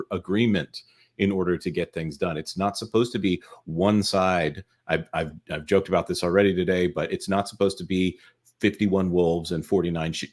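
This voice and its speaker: A man on a casual political panel explains his argument in an earnest, lecturing way. He stammers and restarts here and there as he goes. His voice is very low and deep. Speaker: panel guest.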